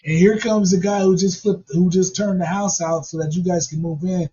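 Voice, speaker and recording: A man's voice: high-pitched, steady tone, moderate pace, warm tone, slightly rough. A man casually telling a profane, funny story and laughing along as he goes. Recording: dull lo-fi recording.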